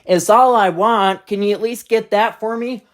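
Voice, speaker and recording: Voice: medium pitch, moderate pace, pitched above the performer's own voice, lightly acted. An adult voicing a young boy who pleads to have a pack of gum bought for him. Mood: pleading. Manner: whiny, pleading.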